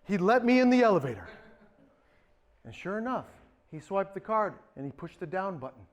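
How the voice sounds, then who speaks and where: A man's voice: high-pitched, normal speed. A man performing a campy comic storytelling monologue on a theatre stage. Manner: campy, animated.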